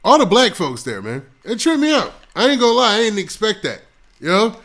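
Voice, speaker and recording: A high-pitched, gravelly male voice hosts a casual live stream on a close mic. He runs through shout-outs to viewers in loose, laid-back slang. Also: big pitch swings, a little fast. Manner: shouting out viewers' locations one after another.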